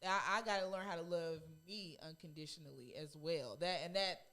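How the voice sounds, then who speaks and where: A woman in casual podcast chat, thoughtful and halting as she works through her point. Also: on the low side, fairly bright tone. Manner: thoughtful, halting, restarts phrases. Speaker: podcast co-host.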